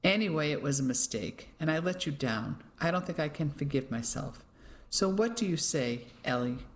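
A storyteller voicing a stiff, self-pitying English gentleman in his sixties who speaks in a clipped way. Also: mid-range voice, animated, moderate pace, lightly acted. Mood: pleading. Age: 60s.

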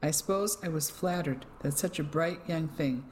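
Older stiff gentleman, clipped and self-pitying, put on by an audiobook reader; plain storybook reading. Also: mid-range voice, moderate pace, a little hiss or hum, close to an everyday voice. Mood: pleading. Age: 60s.

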